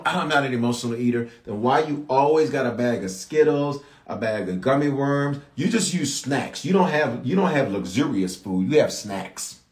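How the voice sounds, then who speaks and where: A male pastor delivers a sermon in a relaxed, conversational way, slipping into personal stories. His voice leaps upward in pitch for emphasis. The sound carries the echo of a roomy church hall. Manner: conversational storytelling with rising shouts of emphasis.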